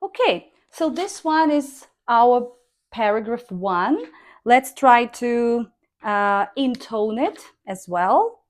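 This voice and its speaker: A woman teaching pronunciation in a slow, measured way, reading sentences out word by word as a dictation. Her voice sits a little high, and she models each tone carefully for her students. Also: expressive. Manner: dictates slowly word by word, demonstrating intonation. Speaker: English speaking teacher.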